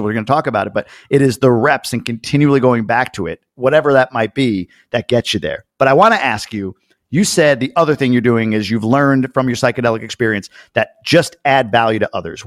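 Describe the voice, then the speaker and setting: A man hosting a podcast interview, telling stories in an animated way and swearing casually. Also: medium pitch, quick pace, dry recording, studio quality. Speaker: podcast host. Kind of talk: casual interview chat, storytelling.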